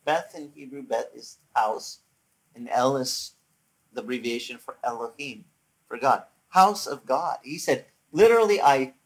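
A man preaching a sermon as pastor, conversational and animated, acting out quotes from the story. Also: mid-range voice, moderate pace.

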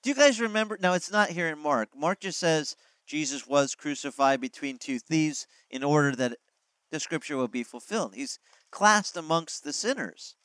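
A man's voice: a little high, lively intonation, normal speed, fairly bright tone, clear, resonant tone, dry recording, rough recording. A man preaching a sermon as pastor, explaining scripture in a conversational way, asking the congregation questions and acting out quoted lines.

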